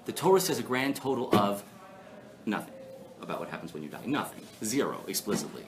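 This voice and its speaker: A man delivering an informal lecture to a live audience, his pitch rising and falling in a very animated way. He jokes often and keeps throwing questions to the room. Faint noise sits under the voice. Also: fairly quick. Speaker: rabbi teaching a weekly class. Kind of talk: lively informal Torah lecture. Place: class before a live audience.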